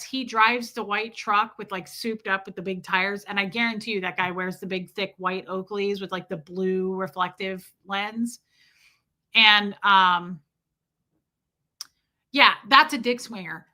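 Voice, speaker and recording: Bright-voiced woman ranting on a livestream. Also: medium pitch. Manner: profane, animated storytelling; reads out viewer comments. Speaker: livestream host. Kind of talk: casual livestream chat.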